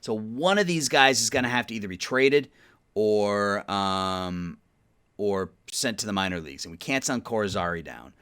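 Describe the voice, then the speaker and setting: A man with a fairly low voice talks his way through a sports management game in an easy, offhand way. He sounds sleepy, yawns now and then, and mutters under his breath as he weighs each trade. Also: animated, moderate pace, pushed and bright, clear, resonant tone. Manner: thinking aloud, sleepy, yawning often; mutters trade talk to the game's teams. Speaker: gaming YouTuber playing a baseball management sim. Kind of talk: casual let's-play commentary.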